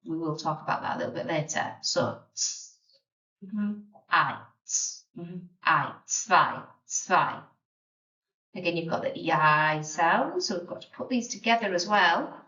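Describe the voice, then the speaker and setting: A woman's voice: fairly low pitch, expressive, sharp tone, distant mic. Woman teacher, beginner lesson, patient, dull lo-fi sound, roomy echo. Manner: slow, patient, spelling sounds out. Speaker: language teacher.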